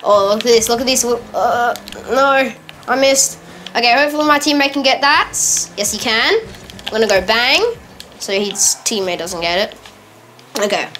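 A woman talks through an online match in a casual, running commentary with a fairly high voice. She gets excitable and laughs easily. She often stops to correct herself. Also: normal speed, slight background noise. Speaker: gamer.

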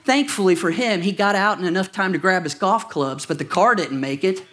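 A man's voice: sits high, brisk, fairly bright tone. A pastor preaching a sermon to his congregation, conversational and jokey, with asides and questions to the room. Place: church auditorium.

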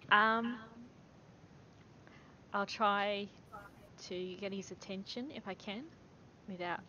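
A woman takes her turn in a tabletop game, speaking tentatively and often breaking into giggles. Her voice sits at a middle pitch. Faint noise hums underneath. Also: fairly even intonation, slow, sharp tone, dull audio. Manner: tentative, with frequent um fillers and giggles. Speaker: player. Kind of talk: casual tabletop play.

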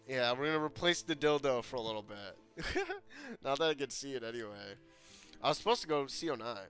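Excitable swearing gamer guy. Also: a little high, smooth. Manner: excitable, swears, laughs often, sudden loud outbursts. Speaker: gamer playing a video game. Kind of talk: casual gameplay commentary.

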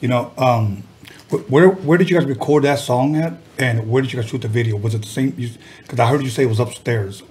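A man's voice: mid-range voice, a little fast, a little mellow, breathy edge. A man hosting an interview, asking easygoing, friendly questions. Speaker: host. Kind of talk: casual interview.

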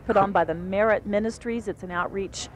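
A woman's voice: mid-range voice, fairly quick. A woman co-anchoring live outdoor TV coverage of an event, conversational and informative. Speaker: TV news anchor. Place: outdoors at a festival field.

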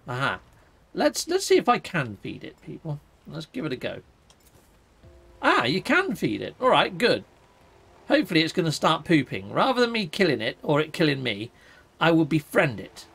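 A man's voice: on the high side, gravelly, fairly bright tone, breathy edge. A man giving chatty live commentary while playing a game, with mild mock-swearing and asides to his viewers. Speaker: gaming streamer.

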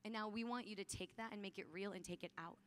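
A woman's voice: medium pitch, steady tone, fast talker. A woman giving a talk at a youth conference, earnest and casual, often saying "like" as she urges her listeners on. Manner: earnest, casual phrasing with frequent "like"; urgent, encouraging appeals to the audience.

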